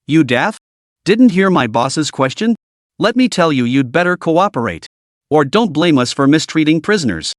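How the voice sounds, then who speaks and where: A man's voice: fairly high pitch, sing-song, normal speed, no room sound, studio quality. A man voicing a hot-tempered male fighter who snaps out threats. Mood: angry. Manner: snapping, threatening.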